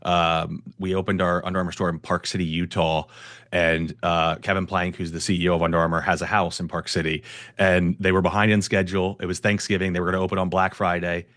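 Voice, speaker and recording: A man hosting a panel discussion, telling a story in a relaxed, conversational way. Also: low-pitched, a little fast, no room sound.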